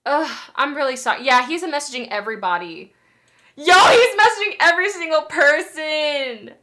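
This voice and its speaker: A woman's voice: sits high, animated, moderate pace, bright, forceful tone. A young woman streamer chatting casually with her viewers, often laughing and apologizing as she reads chat.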